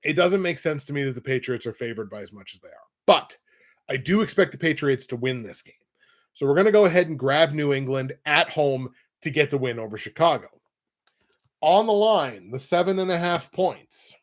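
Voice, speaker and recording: A man's voice: on the high side, lively intonation, moderate pace. Chatty man giving football picks. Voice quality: nasal when pinching nose. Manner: rambling, self-correcting, wry asides. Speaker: sports picks show host. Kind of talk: casual football betting talk.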